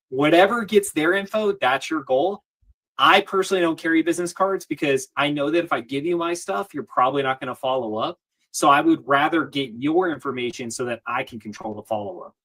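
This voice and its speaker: A man's voice: on the high side, fairly quick, fairly bright tone. A man as an interview guest, giving advice in a confident coaching manner and repeating his key points.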